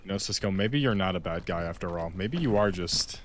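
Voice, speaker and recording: A man's voice: deep voice, lively intonation, fairly quick, slight background noise. A man giving casual, joking gameplay commentary to a friend, making mock-dramatic complaints. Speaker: video game player.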